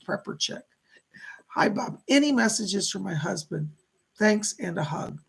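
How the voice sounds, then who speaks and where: Gravelly-voiced male psychic medium. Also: high voice, lively intonation, normal speed, fairly bright tone. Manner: relays spirit messages in quotes, repeating "he said". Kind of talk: live-streamed psychic reading.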